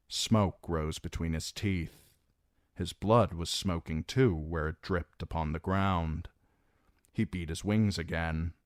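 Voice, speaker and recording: Male narrator for a fantasy audiobook: deep, unhurried, dramatic delivery, dry close sound. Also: dry recording. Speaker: audiobook reader.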